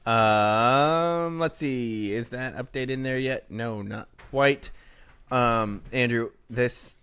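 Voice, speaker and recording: A man's voice: medium pitch, takes it slowly, a bit bright, smooth. A man co-hosting a casual local sports podcast, reading score updates from a live chat in a laid-back way. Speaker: podcast co-host.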